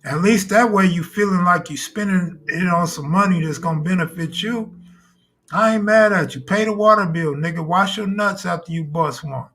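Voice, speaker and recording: Bright-voiced man hosting a live stream. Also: high voice, moderate pace, slight background noise. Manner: crude, boastful, joking banter. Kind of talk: casual live-stream talk.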